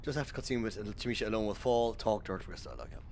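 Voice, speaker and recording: A man's voice: lowish voice, lively intonation, very fast, vocal fry, darkish tone, a little hiss or hum. An Irish man giving casual, rambling speedrun commentary over gameplay, full of fillers and self-corrections. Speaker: streamer.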